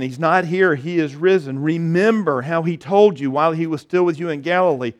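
A man preaching an Easter sermon in a conversational way, with frequent restarts and emphatic repeated phrases. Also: sits high. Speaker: pastor.

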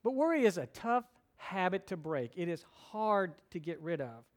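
High-voiced man preaching a sermon. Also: very animated, moderate pace. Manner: conversational preaching with humor and storytelling. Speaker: pastor.

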